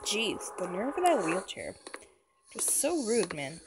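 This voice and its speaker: A woman's voice: mid-range voice, big pitch swings, unhurried, background noise. A woman playing a horror game and commenting along, chatty and jokey, talking back to the characters on screen. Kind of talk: let's-play commentary.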